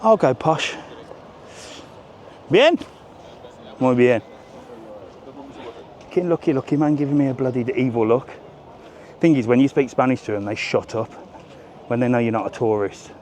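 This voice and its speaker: A man's voice: medium pitch, normal speed, long pauses, darkish tone. A man live-streaming a walking tour, talking casually and joking, with the odd swear word. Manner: chatty, jokey, swears casually. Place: outdoors on a busy resort seafront. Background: faint street and traffic noise.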